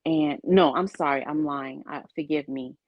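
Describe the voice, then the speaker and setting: A woman's voice: low-pitched, normal speed, no room sound, dull audio. A woman giving an interview, telling her personal story of illness and faith with earnest storytelling and quoted dialogue. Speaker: interview guest.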